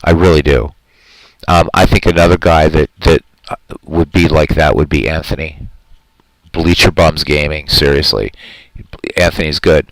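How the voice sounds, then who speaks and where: Man, live-stream host, deep voice, dry close sound, earnest rambling chat. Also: moderate pace, pauses often, no room sound, rough recording. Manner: reads and answers viewer chat.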